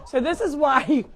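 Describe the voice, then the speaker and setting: Chatty middle-aged woman. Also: sits high. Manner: chatty, talks to animals in a baby voice. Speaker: animal sanctuary host. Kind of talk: casual live-stream chat. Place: home with animals indoors.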